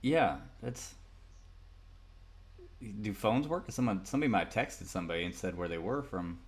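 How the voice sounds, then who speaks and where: A man's voice: fairly low pitch, lively intonation, normal speed, husky. A man co-hosting a casual podcast chat, rambling and laughing as he reads a legend aloud. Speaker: podcast co-host.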